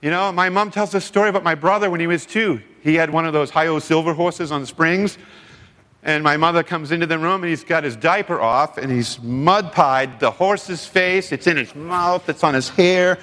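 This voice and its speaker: A man's voice: a little high, normal speed. A man preaching a sermon to a seminar audience, telling stories and acting out quoted voices. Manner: animated storytelling with acted-out quotes. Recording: long hall reverb.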